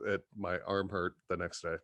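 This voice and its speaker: A man's voice: deep voice, little pitch movement, moderate pace, fairly bright tone, no room sound, muffled recording. A man appearing as a podcast guest, rambling through crude jokes and often laughing as he talks. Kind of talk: casual comedy podcast chat.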